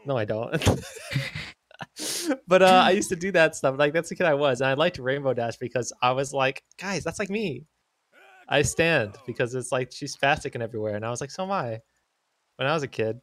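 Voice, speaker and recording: A young man streaming a game, chatting casually in an excitable, rambling way and slipping into silly voices. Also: mid-range voice, brisk, no room sound. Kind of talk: casual gaming stream chat.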